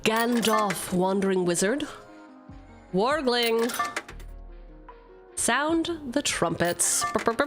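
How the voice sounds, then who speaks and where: A woman streaming a card pack opening with profane, sarcastic, animated casual chat. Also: mid-range voice. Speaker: vtuber opening card packs.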